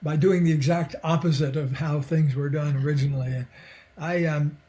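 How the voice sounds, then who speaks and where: Older guy on a podcast, a bit high-voiced, laid back and thoughtful, laughs a lot and does little voices for his stories. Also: steady tone, moderate pace, mellow, a little hiss or hum. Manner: reflective, chuckles often, acts out quoted voices. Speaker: podcast guest, psychologist and author. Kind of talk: relaxed conversational storytelling.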